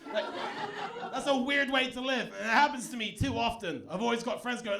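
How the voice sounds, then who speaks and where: Man, English accent with Austrian tinge, sardonic stand-up, high gravelly voice, bright edge. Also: lively intonation, moderate pace. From England. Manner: sardonic, self-mocking, punchy delivery. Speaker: stand-up comedian. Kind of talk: stand-up comedy set. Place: comedy stage before a live audience.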